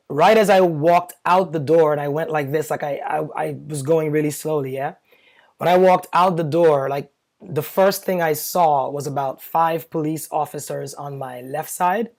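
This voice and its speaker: A man talking to camera, telling a personal story in a chatty, animated way, full of fillers and nervous laughs. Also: a little high. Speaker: vlogger.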